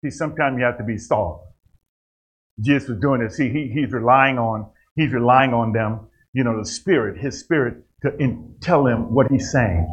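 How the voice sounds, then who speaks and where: A man preaching a sermon, rising to loud emphatic passages and dropping to quiet asides. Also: medium pitch, normal speed, husky, low-quality recording.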